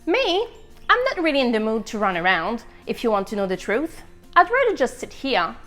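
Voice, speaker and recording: A chatty, easily flustered little boy egg, put on by a woman in a storytime read-aloud. The voice sits high and swoops all over, unhurried, with faint music underneath. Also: wildly swooping pitch, pushed and bright, heavily acted. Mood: musing. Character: chatty, anxious little male egg, loyal leader.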